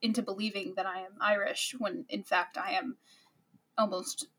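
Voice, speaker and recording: A woman's voice: mid-range voice, little pitch movement, moderate pace, a bit bright. Sarcastic chatty young woman podcaster. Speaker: podcast co-host. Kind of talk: casual book discussion.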